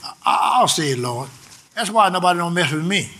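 An older man preaching a sermon, shouting with emphasis and then dropping suddenly quiet. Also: sits high, lively intonation, brisk, a little hiss or hum.

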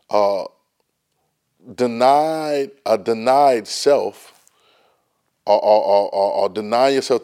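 A man's voice: on the low side, darkish tone. Emphatic man teaching a Bible class. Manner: repeats words when restarting, folksy and emphatic. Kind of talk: Bible study lesson, preaching.

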